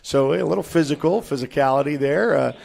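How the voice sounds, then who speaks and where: A man's voice: on the high side, a little fast, vocal fry, a little mellow. A man hosting a local sports show from a restaurant, chatting casually with players and coaches. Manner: chatty, asks players questions, trails off. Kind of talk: casual interview. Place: restaurant in a mall.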